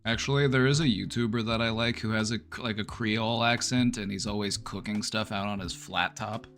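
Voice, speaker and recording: A man's voice: on the low side, steady tone, brisk, a bit bright, faint music behind. A man hosting a casual chat stream, talking in an easygoing, rambling way with lots of fillers. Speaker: streamer host.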